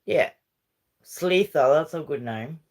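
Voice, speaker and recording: Slow-talking woman. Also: deep voice, animated, a little mellow. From Uruguay. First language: Spanish. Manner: rambling and chatty, switching between English and Spanish. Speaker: livestream host chatting with viewers. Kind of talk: casual live-stream chat.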